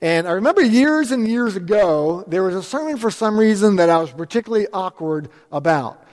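A man's voice: high-pitched, expressive, brisk, darkish tone. A middle-aged male pastor preaching a chatty, joking sermon to his congregation. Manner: upbeat, chatty, jokes with the congregation. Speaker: transitional pastor. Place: church sanctuary. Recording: long church hall reverb.

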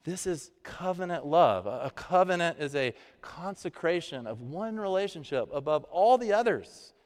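A pastor giving a conversational sermon, with dramatic pauses. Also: male voice, a little high, lively intonation. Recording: long hall reverb.

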